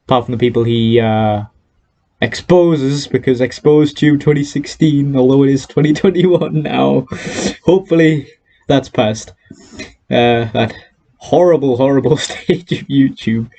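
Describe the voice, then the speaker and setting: A man's voice: fairly high pitch, darkish tone. A teenage boy from North East England with a North East English accent, chatting cheerfully in a casual vlog and laughing between sentences, recorded on a headset mic. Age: teens. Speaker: YouTuber.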